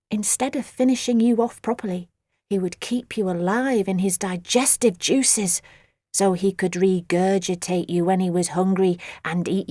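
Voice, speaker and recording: A woman narrating a children's audiobook with expressive, dramatic storytelling. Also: medium pitch, no echo, studio quality.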